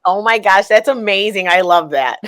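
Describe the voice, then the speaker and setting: Bright, gushing young woman host. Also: mid-range voice, no echo. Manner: enthusiastic, gushing, quick to laugh. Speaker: podcast co-host. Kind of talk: casual interview chat.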